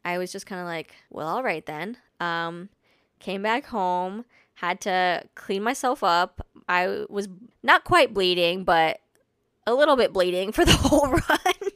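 Chatty young woman, smooth dry voice. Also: medium pitch, lively intonation, a little slow, fairly bright tone, dry recording. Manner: chatty and self-deprecating, laughs often. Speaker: podcast host. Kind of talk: casual solo storytelling. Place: home.

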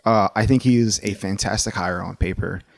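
A lower-voiced man giving his take on a college football hire in a loose, opinionated way, often restarting his sentences. His voice is recorded close and dry, with no room sound. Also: fairly quick, gravelly, no echo. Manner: animated, opinionated, rambling with restarts. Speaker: sports podcast co-host. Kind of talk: casual sports talk.

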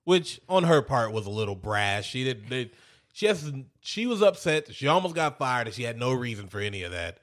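A man with a mid-pitched voice talks casually. He retells a show's scenes, swearing freely and slipping into the characters' lines. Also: big pitch swings, moderate pace, fairly bright tone. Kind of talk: casual chat recapping a show.

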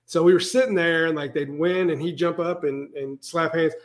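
A man co-hosting a casual sports podcast, telling a story in a relaxed way. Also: on the high side, moderate pace. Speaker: podcast co-host. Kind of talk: casual chat.

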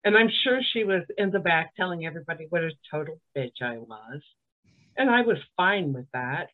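A woman's voice: deep voice, expressive, normal speed. A woman from Alabama, a podcast guest telling a story in a dry, sardonic way. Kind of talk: casual storytelling on a comedy podcast. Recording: tinny phone-like line.

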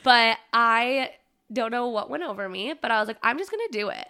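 Bright-voiced woman chatting on a podcast. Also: fairly high pitch, lively intonation, clean tone. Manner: bubbly, quick storytelling with lots of fillers. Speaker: podcast co-host. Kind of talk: casual chat.

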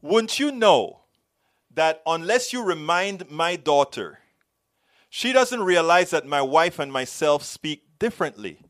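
A man's voice: on the high side, big pitch swings, measured pace, fairly bright tone. A middle-aged man from Panama with a Panamanian accent, hosting a political show and reading viewer comments in a rambling, stumbling way. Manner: rambling, restarts and stumbles often. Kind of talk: live-stream chat reading viewer comments.

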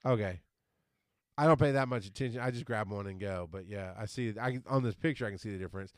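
A man's voice: on the low side, fast talker, no echo, studio quality. A middle-aged man co-hosting a casual podcast chat, rambling and stumbling over words. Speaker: podcast co-host.

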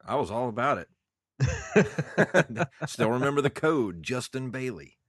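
A man's voice: medium pitch, very animated, unhurried, slightly rough, no room sound, studio quality. A man in his thirties, a podcast co-host, chatting casually in a rambling, nostalgic way while congested. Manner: rambling, nostalgic, laughs often. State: congested, coughing. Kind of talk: casual chat.

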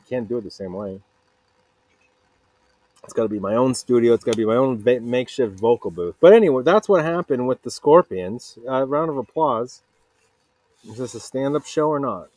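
The voice is a man's, medium in pitch and warm in tone, recorded dry in a makeshift home vocal booth. Hosting a solo podcast, he delivers a casual, digressive monologue full of self-deprecating jokes and quotes people in put-on voices.

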